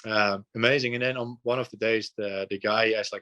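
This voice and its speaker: Low, flat-toned man from the Netherlands. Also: fairly quick, few pauses. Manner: earnest, relaxed, frequent fillers and repeats. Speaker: podcast guest. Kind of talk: casual storytelling.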